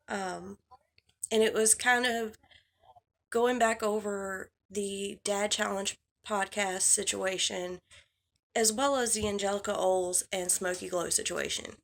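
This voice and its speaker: A woman's voice: mid-range voice, gravelly, fairly bright tone. A woman giving a heated, exasperated commentary rant on her vlog, swearing and talking straight at the person she is criticising. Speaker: drama commentary vlogger.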